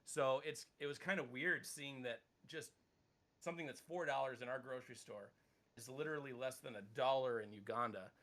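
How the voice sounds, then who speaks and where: Gravelly bright-voiced man chatting casually. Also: medium pitch, a little fast. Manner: rambling and animated, swears casually. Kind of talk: casual podcast chat.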